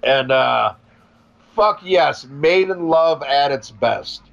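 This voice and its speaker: A man co-hosting a casual talk show, calmly pushing back and defending his view. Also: medium pitch, slow pace, vocal fry, lo-fi sound. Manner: laid-back, pushes back with a defending argument. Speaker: podcast co-host. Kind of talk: casual chat.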